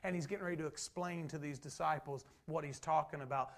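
A pastor delivers a relaxed, conversational sermon, stopping to restart sentences and acting out what people said. His voice sits high for a man and carries a gravelly edge. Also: brisk, few pauses. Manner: conversational preaching with restarts and acted-out quotes.

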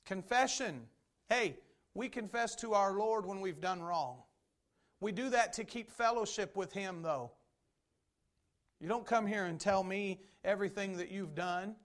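High-voiced emphatic male preacher. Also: unhurried, fairly bright tone. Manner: emphatic preaching with repeated phrases. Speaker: Baptist pastor. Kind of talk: sermon.

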